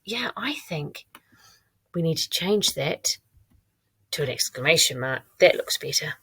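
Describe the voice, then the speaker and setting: A woman teacher giving a recorded online lesson, modelling her own writing aloud in a clear, encouraging way. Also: low-pitched, very animated, normal speed. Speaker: primary school teacher.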